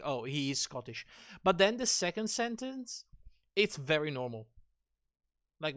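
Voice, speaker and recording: Male streamer, casual gaming chat, thinks out loud, slightly high voice, dry close sound. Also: animated, moderate pace, no echo. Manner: musing aloud, asking himself questions.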